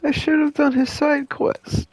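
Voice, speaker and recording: A man's voice: very high-pitched, little pitch movement, a little slow, creaky, a little mellow, no echo. A man giving casual let's-play commentary, chatty and self-deprecating. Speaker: gamer playing on video.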